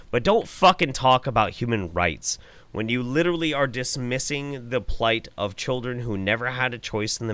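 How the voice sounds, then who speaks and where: Male host ranting angrily, sarcastic and profane, bright dry voice. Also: medium pitch, no room sound. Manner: angry, sarcastic, swearing, then apologetic. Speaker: host reacting to clips.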